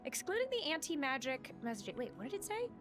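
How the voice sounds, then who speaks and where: A woman's voice: high voice, big pitch swings, fast talker, over music. A woman streaming a game live, chatting casually and reading game text aloud, swearing and joking about herself. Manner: chatty, self-mocking, swearing.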